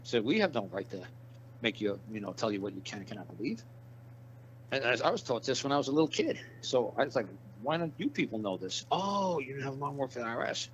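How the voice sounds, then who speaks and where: A man's voice: mid-range voice, big pitch swings, quick pace. A man giving a casual interview, blunt and profane, rambling through stories and repeating his points. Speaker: interview guest. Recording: dull lo-fi audio with background hiss.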